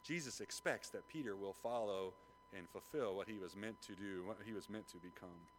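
A man preaching a sermon, retelling a Bible story with lively acted-out voices. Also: fairly low pitch, moderate pace, a little hiss or hum, poor audio. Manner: animated storytelling, acts out the voices of biblical figures. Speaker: pastor.

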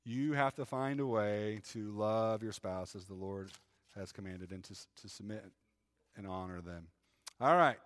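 In a church sanctuary, a pastor preaches a sermon to his congregation in a conversational way, frequently adding "right?". His lowish voice is unhurried and a bit bright, with a big-room sound.

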